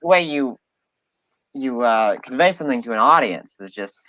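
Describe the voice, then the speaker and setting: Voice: medium pitch, expressive, normal speed, sharp tone, poor audio. An interviewer host who encourages the guest and asks questions in casual chat.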